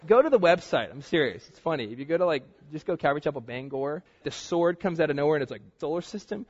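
A young man preaches in a loose, chatty way, acting out stories and what people say with lively energy. His voice sits a little high and husky. The recording is dull and muffled, with a long hall reverb trailing behind. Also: fast talker. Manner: animated storytelling, acts out quotes. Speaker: pastor teaching a Bible study. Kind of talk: casual sermon.

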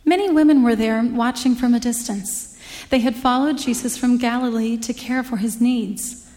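A woman reading a Bible passage aloud in a steady, measured way, as the scripture reader in a service. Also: a little high. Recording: long hall reverb.

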